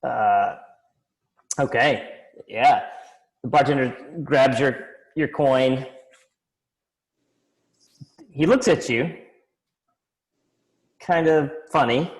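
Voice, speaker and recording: A man running a tabletop game as dungeon master, describing scenes in a casual, halting way with many restarts. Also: mid-range voice, low-quality recording.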